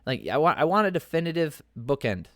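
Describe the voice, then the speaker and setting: A man's voice: a little high, big pitch swings, a little fast, no room sound, studio quality. A man hosting a podcast, giving casual, opinionated fight commentary that rambles with many fillers and restarts. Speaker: podcast host.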